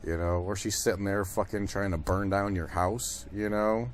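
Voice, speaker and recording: A man with a somewhat low voice talks alone on his own podcast, rambling loosely and swearing freely. He leans on "you know" and "like" as he goes. A faint hiss of background noise sits under the recording. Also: slow pace. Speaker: podcast host. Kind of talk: casual monologue.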